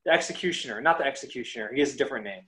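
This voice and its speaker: A man's voice: medium pitch, expressive, racing, pushed and bright, rough recording. A man co-hosting a podcast, rambling and restarting his thoughts in casual chat. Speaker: podcast co-host.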